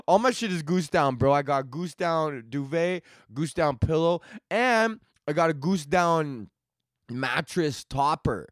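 A man's voice: fairly high pitch, animated, measured pace, dry recording, clean studio sound. A young man hosting a comedy podcast, rambling through a crude, slangy monologue and laughing at his own jokes.

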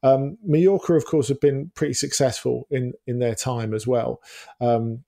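A man of middle pitch with a gravelly, mellow voice, chatting on a football podcast. He rambles and hesitates, stacking fillers and restarts as he thinks aloud. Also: steady tone, normal speed. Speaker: football journalist, podcast co-host. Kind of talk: casual podcast chat.

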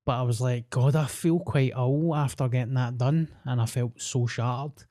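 A man's voice: medium pitch, fairly even intonation, moderate pace, dark tone. A Scottish man co-hosting a podcast, telling stories against himself in casual banter. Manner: self-mocking storyteller. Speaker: podcast co-host. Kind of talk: casual chat.

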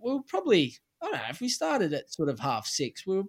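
A man's voice: sits high, fast, slightly rough. A middle-aged Australian man, a former footballer, casually telling an anecdote and acting out the lines of the people in it. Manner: animated anecdote-telling, acts out quoted lines. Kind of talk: casual storytelling.

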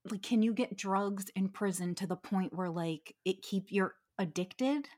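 A woman's voice: mid-range voice, a little slow, a little mellow. A woman co-hosting a reality-TV recap podcast in casual chat, eagerly reacting and chiming in with agreement. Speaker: podcast co-host.

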